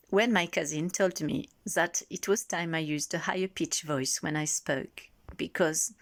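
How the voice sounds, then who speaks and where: Woman, lowish voice, slow unhurried delivery, reflective self-recorded vlog, thinks aloud. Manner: musing, thinking aloud with pauses. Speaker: vlogger.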